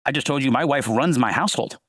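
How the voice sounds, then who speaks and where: A man speaking quickly and with energy, a sales leader giving a podcast interview. He slips into short acted-out exchanges with clients as he talks. His voice sits at a middle pitch and the sound is close and dry. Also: dry recording. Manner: fast, animated, acts out calls. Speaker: guest, sales team leader.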